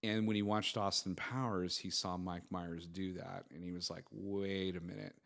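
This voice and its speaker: A young man co-hosting a podcast, chatting casually and excitedly, often laughing and acting out movie lines. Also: low-pitched, normal speed, vocal fry. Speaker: podcast co-host. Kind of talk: casual chat.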